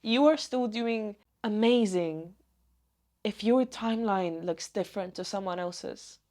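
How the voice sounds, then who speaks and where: A woman talking to camera in a personal vlog, gentle and earnest, with meandering sentences. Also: medium pitch, a little slow. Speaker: vlogger.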